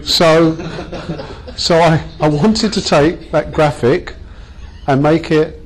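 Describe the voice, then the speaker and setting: A man's voice: on the high side, fairly even intonation, slow pace, low-quality recording. A man leading a workshop training session, chatty and self-mocking as he jokes with the group.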